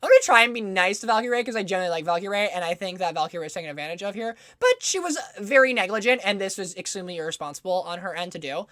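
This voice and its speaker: A woman's voice: mid-range voice, rapid-fire, hardly any pauses, dry recording, studio quality. Sarcastic, swearing woman podcast host. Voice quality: profane, sarcastic, animated storyteller. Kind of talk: casual chat.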